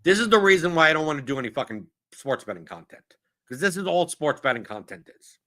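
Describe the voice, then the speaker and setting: Fast-talking and expressive, with a slightly high, pushed and bright voice, this man runs a casual Q&A show answering viewer questions. He delivers an exasperated, profane monologue, riffing bluntly.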